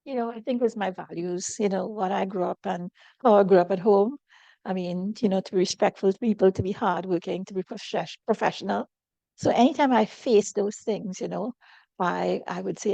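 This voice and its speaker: A woman's voice: medium pitch, moderate pace, vocal fry, dark tone, dry recording. A middle-aged woman, an interview guest speaking earnestly and reflectively about personal hardship.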